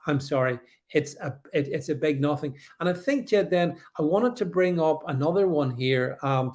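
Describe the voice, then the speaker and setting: A middle-aged man from the UK hosting a live stream, reading viewer comments and reacting with sarcastic, animated commentary full of restarts. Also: fairly high pitch.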